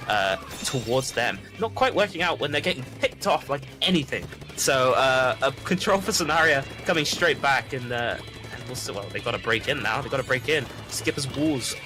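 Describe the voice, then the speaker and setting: A man commentating a live esports match, chatty and quick, often repeating words. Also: medium pitch, expressive, music in the background.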